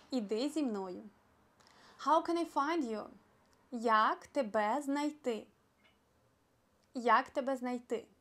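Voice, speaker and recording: A young woman with a Ukrainian accent, a native Ukrainian speaker teaching phrases in a casual lesson and repeating each word slowly and carefully. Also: on the high side. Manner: slow, careful repetition of foreign words. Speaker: language teacher. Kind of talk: casual spoken language lesson.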